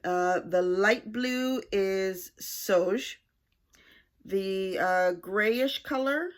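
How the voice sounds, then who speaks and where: A woman's voice: medium pitch, extremely slow. Chatty woman showing her knitting. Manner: chatty, self-correcting, cheerful. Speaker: knitting podcast host. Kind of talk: casual chat showing knitting projects.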